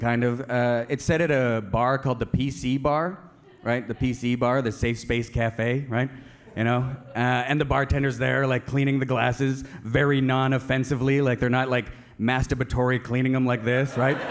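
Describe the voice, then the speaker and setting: A Canadian man doing live stand-up comedy for a seated audience, rambling and full of fillers and restarts. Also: mid-range voice.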